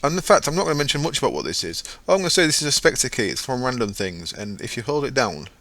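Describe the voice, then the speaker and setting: Guy rambling thru his game, chatty, fixes himself mid sentence, normal pitch. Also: big pitch swings, quick pace, a bit bright, no echo. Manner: chatty, rambling, self-correcting. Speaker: gaming channel host. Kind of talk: casual gameplay commentary.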